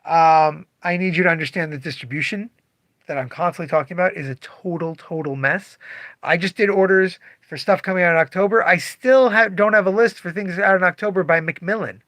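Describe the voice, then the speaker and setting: A man's voice: sits high, a little fast, dry recording. A man who owns a comic shop, talking casually on a livestream and acting out customers' voices. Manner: animated, acts out customer voices.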